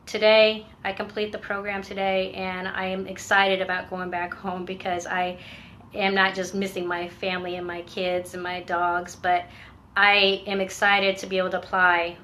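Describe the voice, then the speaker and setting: A woman, a veteran finishing a treatment program, talks candidly in a personal vlog. She is earnest and reflective and often pauses and restarts. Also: mid-range voice, little pitch movement, sharp tone, slight background noise.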